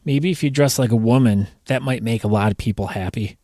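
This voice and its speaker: A man's voice: mid-range voice, brisk, dark tone, no echo, clean studio sound. A man hosting a podcast, asking questions and teasing his guest playfully. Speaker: podcast host. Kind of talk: casual podcast interview.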